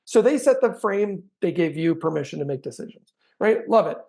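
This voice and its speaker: Gravelly-voiced man giving a sales lesson. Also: sits high, animated, brisk, mellow. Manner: chatty, acts out sample sales lines. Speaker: sales trainer. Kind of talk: conversational training talk.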